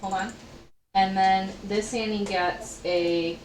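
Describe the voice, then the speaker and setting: A woman running a tabletop game as game master, with quick checks and clarifying questions. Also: mid-range voice, fairly even intonation, distant mic, a little hiss or hum. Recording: echoey room, voice from off-mic.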